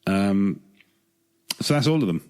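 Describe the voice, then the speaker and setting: Low-voiced man, casual podcast chat. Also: animated, a little slow, a little mellow, clean tone. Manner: rambling, hesitant, restarts often. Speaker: podcast co-host.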